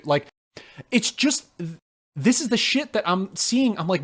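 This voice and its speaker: A man co-hosting a podcast, chatting casually and ranting with swearing and sudden jumps in pitch. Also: measured pace, pauses often. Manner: animated, profane ranting with big pitch jumps. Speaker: podcast co-host. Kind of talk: casual podcast review chat.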